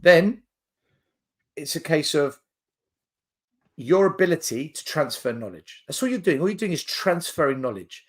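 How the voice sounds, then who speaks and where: A man talking football on a podcast, his voice rising and falling in a lively, animated way. He lays out his argument in clear numbered points. The delivery is casual but emphatic. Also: a little high, moderate pace, pauses often. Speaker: podcast co-host.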